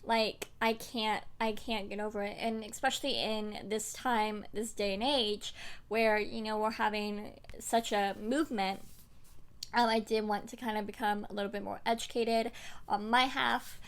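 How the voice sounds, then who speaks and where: A woman's voice: medium pitch, steady tone, normal speed. A young woman vlogging about books at home into a desk microphone, rambling and chatty with many fillers. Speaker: book vlogger. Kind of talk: casual to-camera chat.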